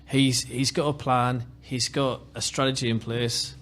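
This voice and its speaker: A man's voice: medium pitch, little pitch movement, unhurried, a bit bright. A man speaking frankly and emphatically as a panelist on a football podcast. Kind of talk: casual football podcast discussion.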